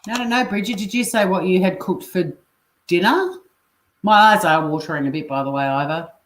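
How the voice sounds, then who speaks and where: A chatty Australian woman talks to her stream viewers while cooking, her voice sitting a little low. She swears freely and answers comments as they come in. The sound bounces around a roomy home kitchen, with a faint hiss behind it. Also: lively intonation, brisk. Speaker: livestream host. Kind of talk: casual livestream chat while cooking.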